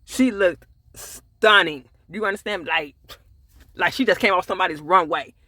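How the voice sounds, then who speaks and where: A man's voice: high-pitched, moderate pace, bright, forceful tone, no echo, studio quality. A man casually recapping a TV episode, acting out the characters' lines with sassy asides. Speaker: TV show reviewer.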